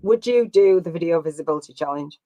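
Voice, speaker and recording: A woman's voice: fairly low pitch, expressive, fast talker, dark tone, no echo. A woman coaching live on a stream, chatty and rambling with many fillers and restarts. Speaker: business coach.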